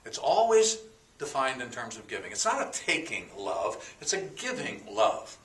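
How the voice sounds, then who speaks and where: A man's voice: medium pitch, huge pitch swings, moderate pace, fairly bright tone, far from the mic. A man teaching a sermon, explaining words one by one in a folksy way with fillers and a joke. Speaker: pastor. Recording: echoey room, voice from off the mic.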